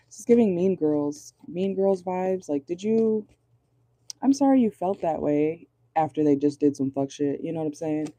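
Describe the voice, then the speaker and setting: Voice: mid-range voice, lively intonation, normal speed, mellow, dry recording. A chatty tarot reader giving a casual, blunt reading from inside a car, swearing freely and laughing often.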